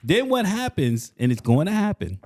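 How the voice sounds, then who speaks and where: A man's voice: sits high, big pitch swings, normal speed, a little mellow. A man co-hosting a casual podcast, telling emphatic stories and acting out the dialogue. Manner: emphatic storyteller, acts out dialogue. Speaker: podcast co-host.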